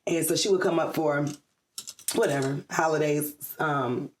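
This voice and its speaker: A woman's voice: low voice, fairly even intonation, measured pace, slight background noise. Woman, from Atlanta, middle-aged, interview guest, chatty, laughing, roomy echo. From Atlanta area, USA. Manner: chatty, laughs often, many ums. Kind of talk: casual interview chat.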